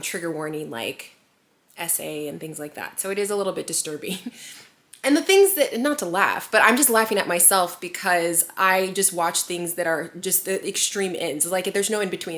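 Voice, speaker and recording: A woman's voice: lowish voice, fairly bright tone. A woman in her thirties, a mom vlogger chatting casually to camera in a rambling, giggly way full of fillers.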